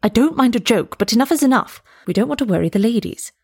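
A woman voicing a stern man who scolds a guest, with a husky, gravelly voice. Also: fairly high pitch, animated, quick pace, a little mellow, dry recording, studio quality, pitched above the performer's own voice. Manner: stern, reproachful. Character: stern older male host, scolding.

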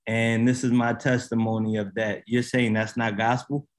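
A man's voice: mid-range voice, flat delivery, normal speed. A man co-hosting a podcast in casual chat, challenging others with pointed questions. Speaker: podcast co-host.

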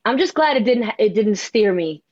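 A woman singer from New Jersey, talking candidly over a video call and telling animated stories with quoted asides. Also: medium pitch, normal speed, dry recording, highs cut off. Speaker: singer interviewed as guest. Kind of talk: casual video-call interview.

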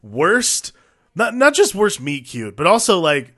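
A man co-hosting a casual film discussion podcast, talking in an animated way, swearing freely and acting out lines he quotes. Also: sits high, unhurried. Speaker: podcast co-host.

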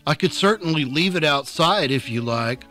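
A man's voice: fairly high pitch, lively intonation, moderate pace, sharp tone, soft background music. A man voicing a polite, awkward visitor calling on a priest, earnest and a little sheepish.

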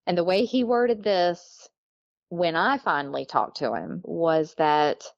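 Woman w/ a gravelly lowish voice, chatty storyteller, laughs a lot, dull dry lo-fi sound. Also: slow, dry recording. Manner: chatty, laughs often, acts out quoted people. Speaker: guest telling her story. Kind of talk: casual storytelling.

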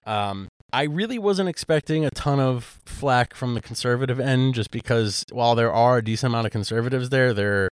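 A man co-hosting a podcast in relaxed, casual chat. He rambles and restarts often, filling pauses with "um" and "like." His voice is smooth and resonant, and it sounds close and dry. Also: mid-range voice, dry recording. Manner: rambling with many fillers and restarts. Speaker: podcast co-host.

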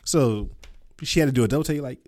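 A man in his thirties, a father, telling stories in a relaxed casual chat. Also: mid-range voice, quick pace. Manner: laid-back storytelling with mimicked quotes.

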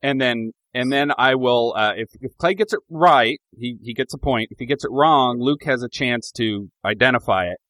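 A man's voice: mid-range voice, moderate pace, hardly any pauses, fairly bright tone, no echo. A man hosting a casual call, running a quiz in an upbeat way and laughing often. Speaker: host. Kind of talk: casual chat over a call.

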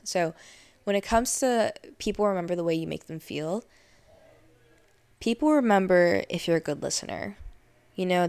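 A young woman giving casual life advice as host, chatty and animated, acting out little scenes with lots of filler likes. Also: on the low side, smooth, no echo.

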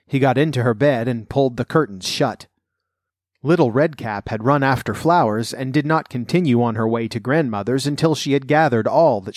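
A man calmly narrating a fairy tale in a measured storybook reading. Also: medium pitch, dry recording, clean studio sound.

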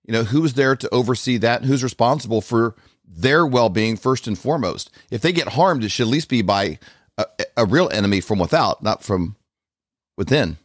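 A man's voice: medium pitch, expressive, moderate pace, no echo, studio quality. A man hosting an interview who earnestly asks who is responsible for the troops' well-being. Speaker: host. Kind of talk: interview questions.

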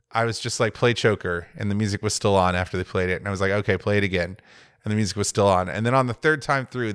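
A man's voice: fairly low pitch, fairly bright tone, clear, resonant tone, no echo, studio quality. A young man co-hosting a podcast, telling a rambling, reflective story in casual chat. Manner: rambling, reflective, self-interrupting. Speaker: podcast co-host.

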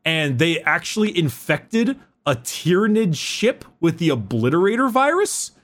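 A man co-hosting a podcast, chatting casually and excitedly about fantasy lore, swearing freely and restarting his sentences. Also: on the high side, a little slow. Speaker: podcast co-host.

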